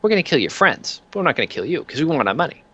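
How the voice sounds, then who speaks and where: Man doing a grinning debt-collector thug, high bright voice, wheedling mock-friendly threats, lo-fi audio. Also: sing-song, very fast, husky, heavily acted. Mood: menacing. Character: cheerful menacing male debt-collector thug.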